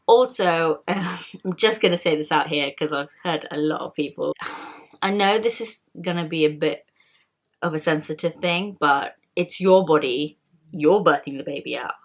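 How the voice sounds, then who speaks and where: A woman's voice: low-pitched, unhurried. A young woman vlogger in casual chat, talking candidly and rambling with many fillers and restarts.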